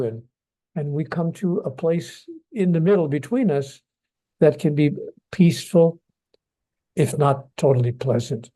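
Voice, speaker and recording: An older man, a guest author, talking in an interview in a gentle, soft-spoken, unhurried way. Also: fairly high pitch, lively intonation. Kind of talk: interview conversation.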